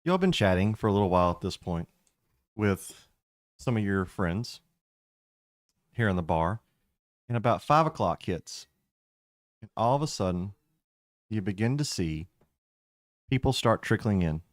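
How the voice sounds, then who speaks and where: A man narrating as game master of a tabletop game in a relaxed, drawling way. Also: on the low side, a little slow, pauses often, no echo, studio quality.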